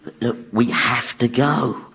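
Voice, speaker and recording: A man's voice: mid-range voice, fairly even intonation, measured pace, gravelly, fairly bright tone, slightly rough, heavily acted. An actor playing a sly, world-weary male devil in a radio comedy, drawling and mocking. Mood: wry.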